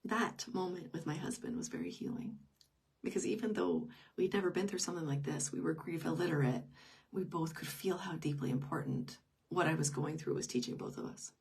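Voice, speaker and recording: A woman's voice: low-pitched, animated, brisk, vocal fry, darkish tone, breathy edge, far from the mic. A middle-aged woman telling a personal story in an unscripted live stream, intimate and emotional, often dropping to a whisper. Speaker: grief teacher.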